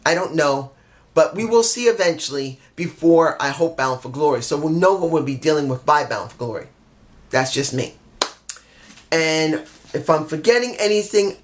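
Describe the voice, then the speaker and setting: A man giving a casual solo review of a wrestling show, rambling and excitable, often losing track of names. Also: fairly high pitch.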